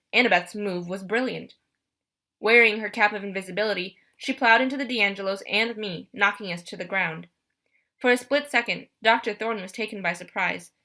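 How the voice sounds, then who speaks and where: A woman narrates a first-person adventure audiobook with a bright, clear tone. She reads briskly and expressively, with energy in the telling. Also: medium pitch.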